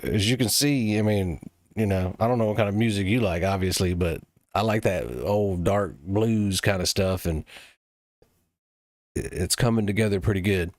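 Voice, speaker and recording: A man demoing software he built, talking casually and loosely, with plenty of pauses and some cursing. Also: fairly low pitch, steady tone. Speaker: developer demoing his own app. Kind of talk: casual late-night screen-recording talk.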